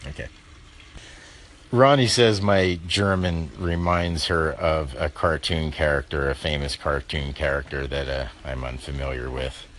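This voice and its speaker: A man's voice: rumbling low, steady tone, unhurried, a bit bright, slight background noise. A man hosting a call-in radio show, rambling and chuckling wryly as he talks. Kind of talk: casual call-in talk.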